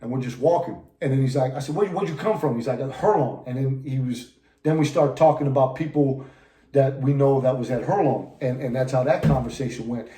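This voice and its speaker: A man's voice: mid-range voice, steady tone, a little fast, dark tone. A man from California, a podcast guest telling a story in heavy street slang and profanity, acting out the lines of the people in it. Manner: profane street slang, constant "you know what I'm saying"; acts out quoted dialogue. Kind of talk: casual storytelling. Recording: roomy echo.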